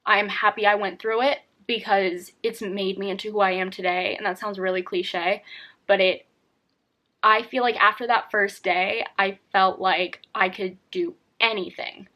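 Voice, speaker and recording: A woman's voice: mid-range voice, steady tone, normal speed, pushed and bright. A young woman talking candidly to camera in a personal vlog, rambling with many fillers and restarts. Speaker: vlogger.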